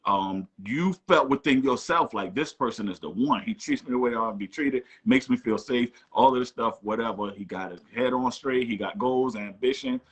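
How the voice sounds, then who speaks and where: A man's voice: medium pitch, normal speed, hardly any pauses, breathy edge. A man hosting a casual online call-in chat. He talks in a loose, playful, teasing way. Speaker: host.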